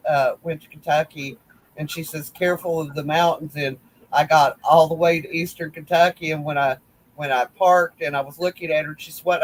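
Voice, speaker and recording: A man's voice: a little high, poor audio. A man telling rambling, teasing stories in a casual group chat. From West Virginia. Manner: rambling storyteller, folksy, teasing. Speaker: crochet group admin.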